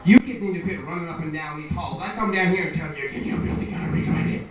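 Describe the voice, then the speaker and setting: A man voicing a gruff older uncle scolding children, his tone turning suddenly threatening. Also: fairly high pitch, quick pace, very echoey, recorded from a distance, muffled recording, very noisy, lightly acted. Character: gruff older male relative scolding kids.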